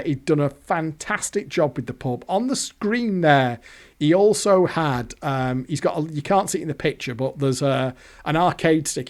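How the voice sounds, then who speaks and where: A man's voice: a little high, darkish tone. An English man telling a rambling, chatty story over pictures as host of a gambling video channel. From England. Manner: rambling, chatty, self-correcting, swears casually.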